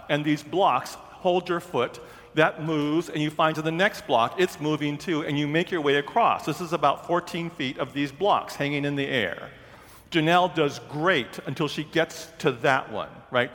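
Man preaching in a reverberant hall. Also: fairly high pitch. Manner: animated, self-mocking storytelling with acted quotes. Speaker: pastor. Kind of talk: sermon storytelling.

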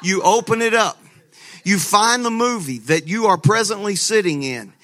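A man pastor preaching a sermon, telling a lively story with laughter and frequent restarts. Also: high voice, normal speed.

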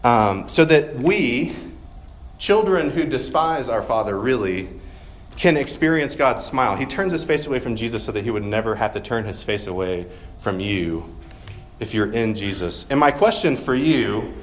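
A man's voice: medium pitch, animated, normal speed. A man in his thirties preaching a sermon in a casual, conversational way, with self-deprecating humor and plenty of ums. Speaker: pastor.

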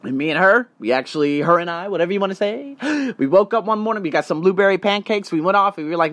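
An animated young man rants through a story into a close, dry mic, his voice jumping up and down in pitch. He swears freely and slips into quick impressions of the people he meets. His voice sits a little high. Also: no echo. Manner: animated, profane, acts out other people's voices. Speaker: podcast host. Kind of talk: casual storytelling rant.

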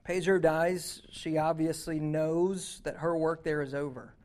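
A man preaching a sermon, telling a story that moves from hushed passages to loud, urgent ones. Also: fairly high pitch, fairly even intonation, unhurried. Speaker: youth pastor.

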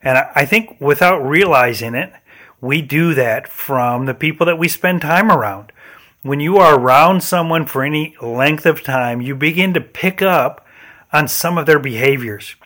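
A man's voice: fairly high pitch, normal speed, fairly bright tone. A man hosting a faith and leadership podcast, telling personal stories in an earnest way with a few restarts. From Michigan, USA. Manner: earnest storytelling with occasional restarts. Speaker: podcast host.

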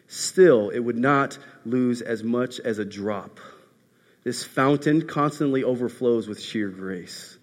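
A man preaching a sermon as a pastor, telling a story and swinging from loud passages to hushed ones. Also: mid-range voice, slow pace. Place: church hall. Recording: echoey hall.

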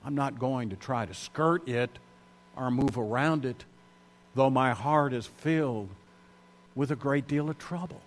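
A man's voice: medium pitch, normal speed. A man preaching a sermon, reading Bible verses aloud and stressing key words with rising emphasis.

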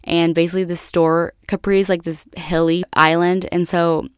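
Young American woman, podcast host, low-ish voice, very smooth and clear, dry close sound. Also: flat delivery, moderate pace, no echo. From United States. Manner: chatty, laughs often, addresses listeners as guys. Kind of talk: casual solo storytelling.

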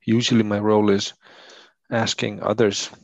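A man's voice: lowish voice, flat delivery, normal speed, creaky, no room sound, muffled recording. A man from Iceland speaking English as a second language, with a thick Icelandic accent, reflecting thoughtfully and searching for words. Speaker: leadership coach. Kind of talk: reflective conversation.

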